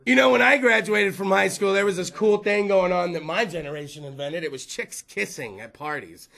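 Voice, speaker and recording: A man's voice: sits high, brisk, creaky, a bit bright. A man in his thirties hosting a show, ranting crudely and profanely to a small live room. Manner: crude, profane, rambling storyteller. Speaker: host. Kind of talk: stand-up style rant to a live room.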